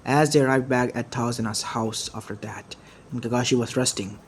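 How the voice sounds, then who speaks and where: Man, amateur story narrator, halting phrasing, mid pitch. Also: fairly even intonation, a little hiss or hum. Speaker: fan fiction narrator.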